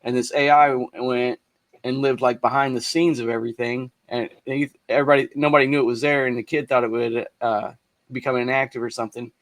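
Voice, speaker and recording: Male podcast co-host, mid-pitched, rambling and jokey; dry close sound. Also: little pitch movement, brisk, no room sound. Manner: joking, rambling storyteller. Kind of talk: casual chat.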